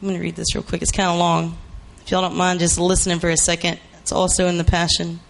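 A man preaching a sermon, emphatic and repetitive, rising to shouts for emphasis. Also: high voice, monotone, fast talker, vocal fry.

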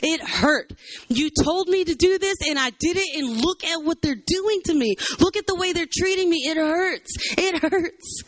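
A man's voice: very high-pitched, moderate pace, fairly bright tone, no echo, pitched above the performer's own voice. A man voicing an anguished male prophet who pleads with God in raw, heartbroken lines.

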